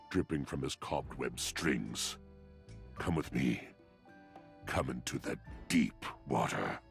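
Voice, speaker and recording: Deep-voiced gothic lover in a game, melancholic and theatrical, speaking in poetic archaic lines. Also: male voice, vocal fry, fairly bright tone, heavily acted. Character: brooding gothic male object, mournful poet. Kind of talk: video game voice acting.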